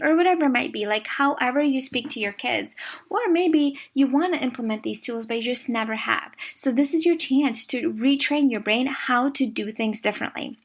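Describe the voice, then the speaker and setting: A young woman hosting a podcast, talking in a warm, encouraging, chatty way as a coach. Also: on the high side, moderate pace, creaky. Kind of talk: podcast monologue.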